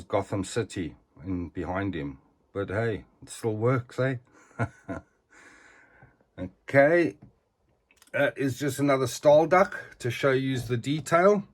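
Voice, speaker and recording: Slow-talking collector. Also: male voice, mid-range voice. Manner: chatty, tags sentences with "eh". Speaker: collector reviewing figures. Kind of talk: casual review vlog.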